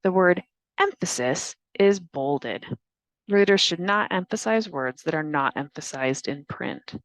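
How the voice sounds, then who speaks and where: Clear, deliberate woman giving training. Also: fairly low pitch, lively intonation, dry recording. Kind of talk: scripted training narration.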